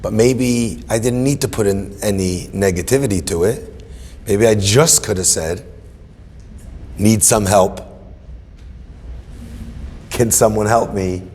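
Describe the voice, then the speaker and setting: A man's voice: on the low side, slow, pauses often, husky, long reverb tail. A man, a rabbi, telling a personal story in sermon style and acting out the dialogue. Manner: animated, acts out dialogue in quotes.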